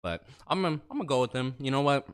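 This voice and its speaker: Appearing as a guest YouTuber in casual livestream chat, this man is playful, talkative, and full of slang, tossing out "bro" and "y'all." His medium-pitched voice is smooth and rapid-fire, with lively intonation.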